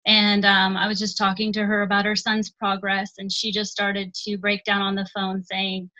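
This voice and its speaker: Bright-voiced woman teacher, earnest. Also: mid-range voice, monotone, normal speed. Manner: earnest and emotional, with many "um" fillers. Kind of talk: interview guest telling a story. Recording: dull lo-fi sound.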